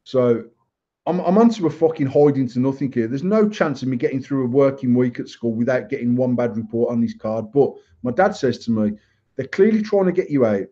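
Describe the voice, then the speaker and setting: A man from England, in his thirties or forties, hosts a podcast in a mellow, medium-pitched voice at a fairly quick pace. The casual chat centers on a crude story peppered with constant swearing, and the recording is dull and lo-fi.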